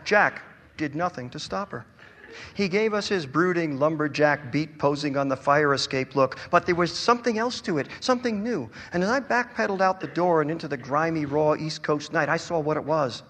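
A man's voice: on the high side, normal speed, slight background noise. Man reading fiction in a reverberant hall. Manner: wry, expressive storytelling. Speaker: author reading his story. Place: event hall.

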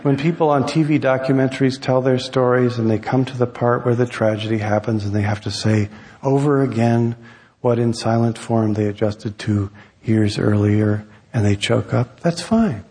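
Husky man reading his essay. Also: mid-range voice, mellow, big-room sound. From United States. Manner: wry, measured storytelling. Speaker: author.

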